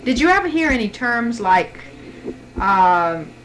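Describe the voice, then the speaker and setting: A woman's voice: a little high, very animated, slow, fairly bright tone, poor audio. A woman interviewer who patiently prompts answers by starting sentences and leaving them for the other person to finish. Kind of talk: dialect survey interview.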